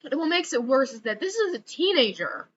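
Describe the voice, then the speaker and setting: A woman's voice: high-pitched, very animated, brisk, fairly bright tone. A young woman ranting casually in a vlog, swearing often and filling her talk with "like". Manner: profane, exasperated, many fillers like "like". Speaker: vlogger. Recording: slightly dull lo-fi audio with faint noise.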